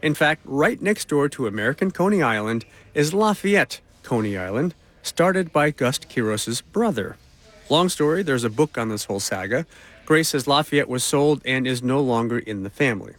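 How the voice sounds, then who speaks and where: A male reporter narrates a news feature in a measured, conversational tone. His voice sits at an ordinary middle pitch. He tells the story plainly. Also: animated.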